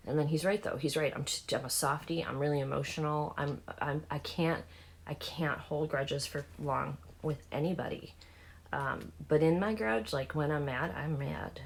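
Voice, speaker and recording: Southern lady in her 40s chatting thru her makeup routine, low voice, rambly and candid. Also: moderate pace, creaky, slight background noise. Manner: rambling, candid, with many fillers and restarts. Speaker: beauty vlogger. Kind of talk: casual chat while doing makeup.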